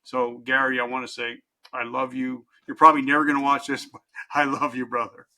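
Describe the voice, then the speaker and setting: Gravelly, bright-voiced man telling his story. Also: mid-range voice, little pitch movement, brisk. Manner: candid, intense, swings from loud to hushed. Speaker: podcast guest, life coach. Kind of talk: emotional personal storytelling.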